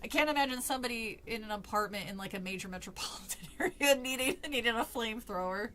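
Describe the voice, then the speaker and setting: A woman's voice: fairly high pitch, fast, bright, forceful tone, slight background noise. Chatty, tipsy woman reading aloud. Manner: chatty, swears, laughs often. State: a little drunk. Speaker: streamer reading a horror book aloud. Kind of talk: casual reading and commentary.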